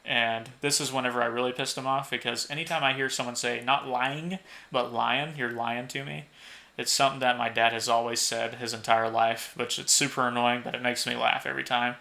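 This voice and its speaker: A young man spins a loose, profane story on a podcast, laughing at his own punchlines and acting out the other people's lines. His voice is bright and forward, sitting at an ordinary male pitch. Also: little pitch movement, a little fast, gravelly. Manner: swears freely, laughs at own stories, acts out quoted lines. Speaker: podcast co-host. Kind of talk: casual storytelling.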